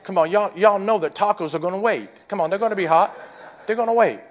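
A man preaching a sermon, urging the congregation to respond, repeating phrases and swinging from shouts to hushed lines. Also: high voice, fast talker. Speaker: pastor.

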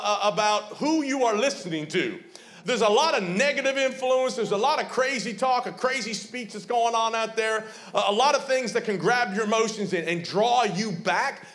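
A man's voice: high voice, a bit bright. A man preaching a sermon as a pastor, fervent and emphatic. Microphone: streamed online sermon.

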